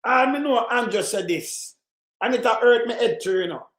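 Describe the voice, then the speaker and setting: A Jamaican man delivers a heated political commentary in patois, often raising his voice to a shout. His voice sits high for a man. The room around him is echoey. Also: normal speed. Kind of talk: ranting commentary over clips.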